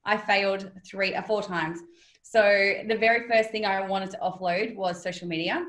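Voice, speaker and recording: A woman's voice: medium pitch, steady tone, normal speed, fairly bright tone, roomy sound. A woman guest on an interview, talking casually and impulsively, laughing often. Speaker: business planner guest.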